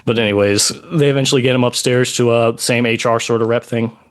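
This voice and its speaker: A man telling a personal story on a podcast, in a halting way with many pauses and "like" asides. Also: medium pitch, steady tone.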